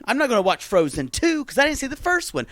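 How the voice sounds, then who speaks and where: A man co-hosting a podcast in casual comedic chat, animated and quick to laugh, slipping into mocking impressions. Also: extremely high pitch. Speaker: podcast co-host.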